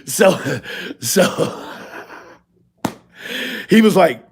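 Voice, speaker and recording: A man with a drawl and a gravelly, creaky voice, ranting through a profane story. His pitch swings widely as he mocks and acts out the people in it, and it sits a little high for a man. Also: slow pace, long pauses. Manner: animated, profane, mocking, acts out others' lines. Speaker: video blogger.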